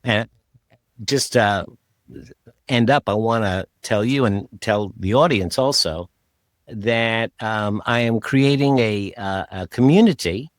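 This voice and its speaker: Male podcast host, low voice, easygoing rambler, dry close sound. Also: slow, dry recording. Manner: relaxed, rambling with many fillers and restarts. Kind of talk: casual interview chat.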